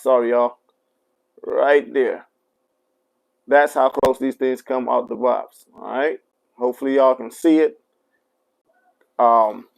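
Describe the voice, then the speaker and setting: A man's voice: mid-range voice, vocal fry, rough recording. Chatty livestream seller, a man, answering comments while he demos gear. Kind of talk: casual product demo livestream.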